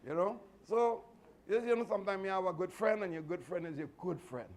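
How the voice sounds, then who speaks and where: A martial arts instructor gives his students a motivational speech, earnest and repetitive with many restarts, offering advice in a fatherly way. His voice sits high and runs a little fast.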